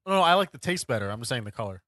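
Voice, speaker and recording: A man with an average-pitched voice chatting and telling loose anecdotes on a beer podcast. The sound is dry and close to the mic. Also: big pitch swings, racing, a bit bright, no room sound. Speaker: podcast co-host. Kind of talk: casual beer-tasting chat.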